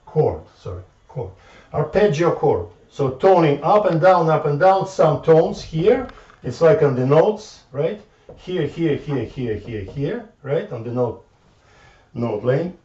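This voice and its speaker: A man lectures informally, halting and circling back over his words as he works through his ideas. His voice is fairly high but mellow. It comes from far off in an echoey room on a dull, lo-fi recording. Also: very animated. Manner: halting, repeats words, thinks aloud at the board.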